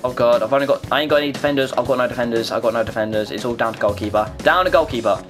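A young man giving excitable, swearing live commentary on his own gameplay, talking to himself as he plays. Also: medium pitch, very fast, faint music behind. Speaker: gaming video creator.

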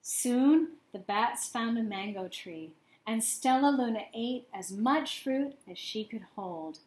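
High-voiced woman reading a picture book. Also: lively intonation, takes it slowly, reverberant. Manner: gentle, asks the listener questions. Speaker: children's book reader. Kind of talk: storybook read-aloud with questions to children.

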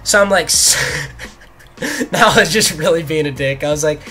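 A young man, a gaming YouTuber, telling a story in a mocking, animated way, laughing often and swearing. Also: on the high side, unhurried, soft background music. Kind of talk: storytelling commentary.

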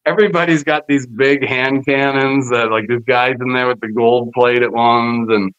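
A man's voice: mid-range voice, moderate pace, clean tone, dry recording. Man telling wild stories, dull dry audio. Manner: animated storyteller, acts out quoted voices with profanity. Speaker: podcast guest, former wrestler. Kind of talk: casual storytelling interview.

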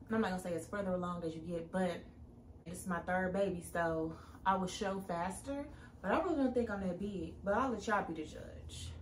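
A woman's voice: mid-range voice, a little hiss or hum. Casual young female vlogger, chatty and direct, recorded in an echoey room. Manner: chatty, addresses viewers directly. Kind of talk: casual pregnancy update vlog. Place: room at home.

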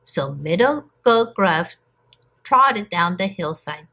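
Woman teacher, storybook read-aloud for kids, very lively pitch, slightly husky. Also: slow. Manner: expressive, storytelling. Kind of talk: reading a storybook aloud to children.

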